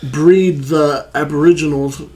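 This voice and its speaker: A man's voice: fairly high pitch, steady tone, a little slow, warm tone. An Australian man co-hosting a podcast, talking casually in a rambling way with many hesitations. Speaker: podcast co-host. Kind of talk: casual chat.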